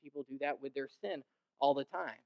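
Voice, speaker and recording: A young man preaching a sermon, animated and conversational, who slips into mimicking the people he describes and rises in pitch and volume to drive a point home. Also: a little fast, vocal fry, lo-fi sound. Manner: animated, mimics others in quoted asides, rises in pitch and volume when emphatic. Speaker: pastor.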